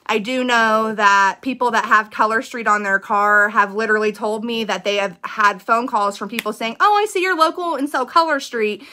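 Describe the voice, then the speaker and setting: Chatty, bright-voiced young woman. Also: a little high. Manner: chatty, full of fillers like "um" and "like"; upbeat and eager. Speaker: direct seller giving business tips. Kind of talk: casual talk to camera.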